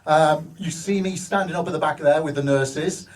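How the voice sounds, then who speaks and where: A man's voice: a little high, normal speed. Man, hospital cinema manager, enthusiastic rambling stories, slightly raised voice, heard from a distance at a live show. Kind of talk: storytelling in a live stage interview.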